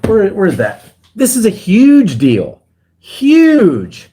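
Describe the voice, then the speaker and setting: A man's voice: sits high, wildly swooping pitch, takes it slowly, warm tone, slight background noise. A man talking casually on a livestream, rambling and getting heated. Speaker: guest livestreamer.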